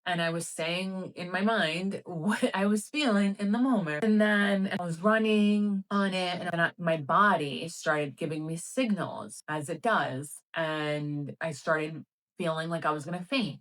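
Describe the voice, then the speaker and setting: Woman vlogger, thirties, slightly low voice, chatty, animated, casual storytelling. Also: moderate pace, low-quality recording. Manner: chatty, animated, lots of "like" and "right?". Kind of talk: casual personal story to camera.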